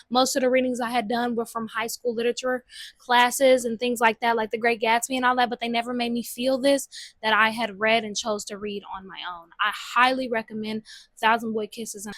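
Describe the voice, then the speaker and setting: Young woman vlogging about books, kinda high voice, dry close sound, slangy n chatty. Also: a bit bright, no echo. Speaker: book vlogger. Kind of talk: casual book recommendations. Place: home room with a TV.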